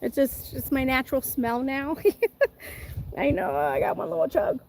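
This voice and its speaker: A woman's voice: high voice, very animated, a little slow, darkish tone, a little hiss or hum. A woman hosting a casual live chat outdoors, reading viewer comments, chatty and giggly with a self-deprecating humor. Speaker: livestream host.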